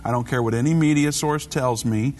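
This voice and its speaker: A man hosting a Christian call-in radio show, talking briskly and conversationally while preaching to callers. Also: mid-range voice, darkish tone.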